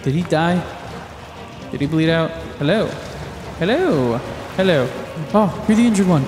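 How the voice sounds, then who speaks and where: Jumpy, cursing young gaming commentator. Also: male voice, a little high, unhurried, pauses often. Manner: excitable, swearing, jumpy reactions. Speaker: gaming YouTuber. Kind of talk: live gameplay commentary. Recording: roomy echo with game music behind.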